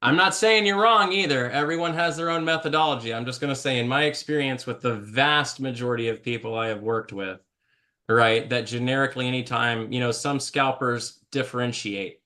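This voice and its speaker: A man's voice: medium pitch, steady tone, fairly quick, bright, forceful tone. Male stream host, casual rambling chat, jokey and self-interrupting, mid-range voice. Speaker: live trading show host.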